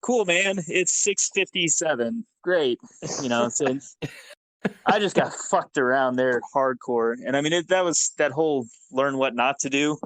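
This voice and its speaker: A man's voice: medium pitch, moderate pace, no echo, low-quality recording. Ex-soldier guest, male, casual and profane, acts out every quote, dry mic. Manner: profane, animated, acts out dialogue. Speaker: podcast guest, former Army sergeant. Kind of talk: casual storytelling.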